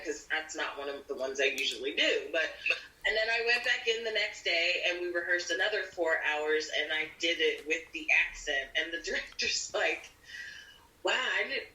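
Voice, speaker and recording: A woman actor, a podcast guest, chatting casually and acting out the people in her stories. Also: fairly low pitch. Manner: animated, acts out quoted people. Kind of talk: casual storytelling chat. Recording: roomy audio from a distant mic.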